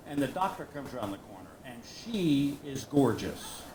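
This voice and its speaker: A middle-aged man telling a stand-up comedy story on a live stage, animated and acting out the people he quotes. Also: unhurried. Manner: animated, acts out quoted people, leaps high when exclaiming. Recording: roomy live venue with audience noise.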